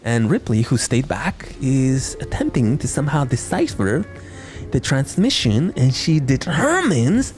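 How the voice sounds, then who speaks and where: Male podcast host, comic movie recap, rambling, animated pitch, soft music bed. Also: measured pace. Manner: rambling, jokey, self-interrupting.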